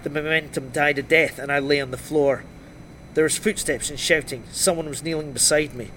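Male narrator for a gritty first-person crime novel, slightly high voice, dry wry delivery. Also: steady tone, brisk, pushed and bright, a little hiss or hum. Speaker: audiobook narrator.

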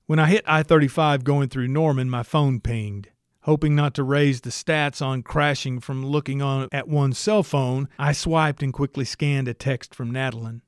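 A man's voice: mid-range voice, no room sound. A man narrating a story in the first person, with a wry, dry storytelling manner. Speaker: audiobook narrator.

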